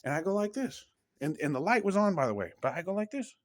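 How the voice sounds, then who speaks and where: A man in a casual home vlog tells strange stories at a slightly raised pitch. He talks emphatically, restarts his sentences, and drops the odd curse. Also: big pitch swings, quick pace. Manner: rambling, self-interrupting, emphatic, with mild cursing. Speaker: vlogger. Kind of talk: casual rambling storytelling to camera.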